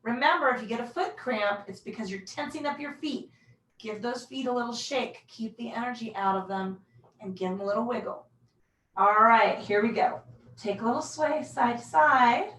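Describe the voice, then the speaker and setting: A woman's voice: a little high, normal speed. Echoey woman cueing a mat workout. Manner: casual, self-deprecating, calm cueing. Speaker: pilates instructor. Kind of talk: guided workout instruction. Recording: echoey room, mic far off.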